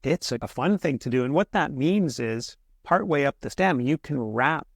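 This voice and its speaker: A man explaining gardening as an interview guest, patient and steady, with small restarts as he talks. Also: medium pitch, normal speed, creaky, no echo, studio quality. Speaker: horticulturist guest. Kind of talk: casual interview answers.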